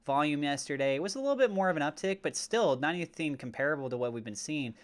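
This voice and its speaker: A man hosting a crypto channel, talking through price levels on charts in a steady way, with fillers like uh. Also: fairly high pitch, fast. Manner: mock-gushing and over the top when praising. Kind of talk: chart analysis commentary.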